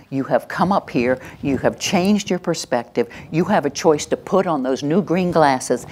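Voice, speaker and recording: Low-voiced woman presenting a workshop. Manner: animated, acts out little scenes and laughs along. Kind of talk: live teaching talk to an audience.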